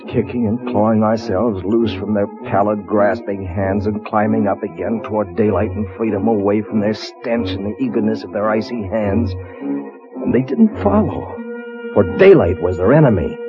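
Man playing a nervous time traveler who also narrates, very deep voice, thin phone-like radio sound with loud music under him. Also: normal speed, natural voice. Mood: somber narration. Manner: wary, hushed questions, somber narration. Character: uneasy male time traveler, companion and narrator. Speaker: narrator and character in a radio play. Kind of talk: 1950s radio drama acting and narration. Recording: tinny old radio broadcast with loud music.

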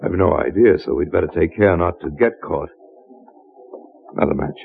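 An actor playing a resolute male time traveler who leads with calm, firm explanations, in a vintage radio drama. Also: low-pitched, normal speed, creaky. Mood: guiding, calm. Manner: steady, commanding, explains things firmly. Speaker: lead character in a radio play. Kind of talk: 1950s radio drama acting. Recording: dull old radio broadcast with faint hiss.

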